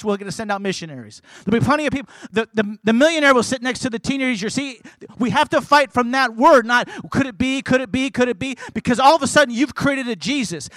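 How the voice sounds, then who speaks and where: A man preaching a sermon as pastor, emphatic and building to loud, forceful passages. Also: extremely high pitch, no echo.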